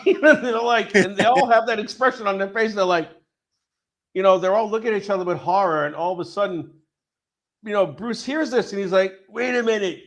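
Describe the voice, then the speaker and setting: A man with a fairly high voice chatting casually on a podcast. He rambles, swears freely and jumps into acted-out quotes as he tells a story. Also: fairly quick, a bit bright. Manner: profane, rambling storyteller who acts out quotes. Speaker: podcast co-host. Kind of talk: casual chat.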